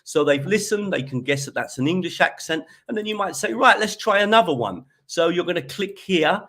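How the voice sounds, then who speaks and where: A man's voice: on the high side, brisk, a bit bright. A man giving an online teaching presentation while sharing his screen, chatty and often checking in with "okay?". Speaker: teacher trainer presenting a webinar.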